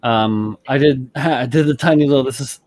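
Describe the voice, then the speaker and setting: A man's voice: medium pitch, normal speed, darkish tone, no echo. A man hosting a casual hobby stream, chatting loosely and swearing offhandedly while he shows a model build. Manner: laid-back, rambling, swears casually. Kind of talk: casual chat on a group stream.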